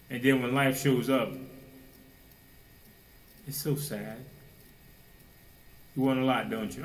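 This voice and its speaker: A man preaching a sermon with fervor, firing rhetorical questions and now and then mocking people in a high, put-on voice. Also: moderate pace, pauses often, low-quality recording.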